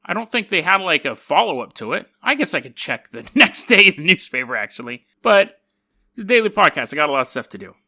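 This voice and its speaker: Male podcast host, casual joking storyteller, bright and very lively delivery. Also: on the high side, fast talker. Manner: animated, joking and rambling.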